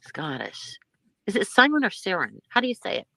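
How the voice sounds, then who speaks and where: A woman's voice: mid-range voice, wildly swooping pitch, moderate pace, vocal fry, bright, forceful tone, no echo. A middle-aged woman hosting a live stream in casual chat, rambling from one thing to the next and laughing often.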